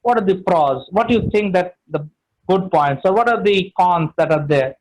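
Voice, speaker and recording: A man's voice: high voice, expressive, normal speed, darkish tone, rough recording. A middle-aged man with an Indian English accent, giving an online training session on speaking, emphatic and full of "you know" fillers.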